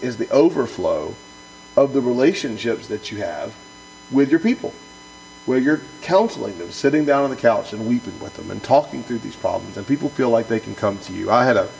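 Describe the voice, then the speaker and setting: Man, pastor, gravelly voice, earnest emphatic podcast talk, faint hum. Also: mid-range voice, low-quality recording. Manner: earnest and emphatic, with frequent restarts and repeated words. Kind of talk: book discussion podcast, reading aloud then commenting.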